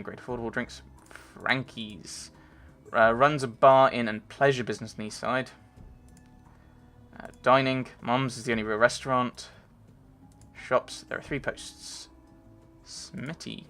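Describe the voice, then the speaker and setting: A man's voice: medium pitch, a bit bright. A man giving casual, rambling commentary while playing a game, thinking aloud and reading on-screen text. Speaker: let's play gamer.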